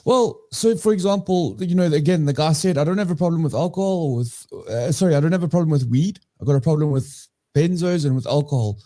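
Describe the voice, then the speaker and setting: A man's voice: a little high, quick pace, few pauses, warm tone. A man co-hosting a recovery podcast, talking in a rambling, self-correcting conversational way. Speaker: podcast co-host. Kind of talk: casual recovery discussion.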